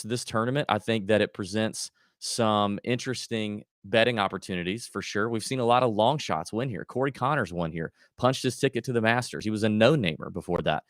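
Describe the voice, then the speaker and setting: A man's voice: lowish voice, fairly bright tone, clean tone, dry recording, studio quality. A man hosting a golf betting livestream, chatting casually and thinking aloud with lots of fillers and restarts. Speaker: golf betting podcast host.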